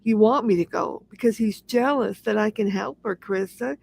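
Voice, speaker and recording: A woman's voice: mid-range voice, normal speed, gravelly, darkish tone, no room sound. A woman hosting a casual livestream, talking in an aggrieved, repetitive rant. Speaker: livestream host.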